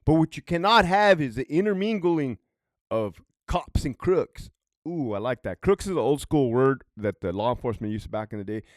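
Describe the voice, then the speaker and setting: A man telling a story in a casual, profane way. He is blunt, swears heavily, chuckles between points, and swings between loud outbursts and low mutters. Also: lively intonation, normal speed, no echo, studio quality. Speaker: vlogger, prison guard commentator.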